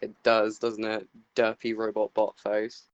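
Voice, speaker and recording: A man's voice: fairly low pitch, monotone, a little slow, smooth, no room sound, highs cut off. A man chatting casually over voice chat while playing a video game, laughing often. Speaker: channel host and gamer. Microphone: desktop mic on voice chat.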